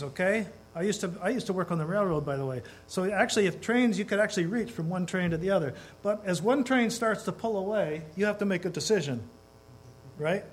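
A man with a notably high voice preaches a sermon in a church, talking to the congregation conversationally and often putting questions to them. He slows down and speeds up to stress his points. A low mains hum runs under the recording. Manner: conversational, asks the congregation questions, varies pace for emphasis. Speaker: guest preacher. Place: church sanctuary.

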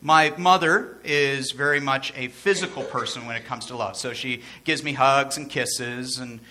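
Bright-voiced male pastor preaching. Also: mid-range voice, normal speed, a little hiss or hum. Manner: conversational, joking asides, repeats for emphasis. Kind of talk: sermon.

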